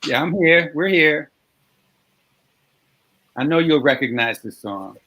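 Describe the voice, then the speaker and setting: A male host on a video call, introducing a track in a measured, soft-spoken way. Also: on the high side, animated. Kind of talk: introducing music.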